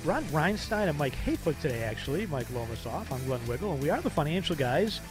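Lively middle-aged man hosting talk radio. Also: a little high, over music. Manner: chatty, wry, quick to joke. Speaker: radio talk show host. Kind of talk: casual talk radio banter.

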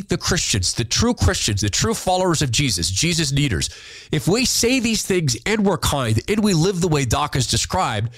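This podcast host, a man with a husky, higher-pitched voice on a dry recording, reads letters from listeners and responds earnestly. His emotion shows openly, and when moved he sometimes halts and repeats words.

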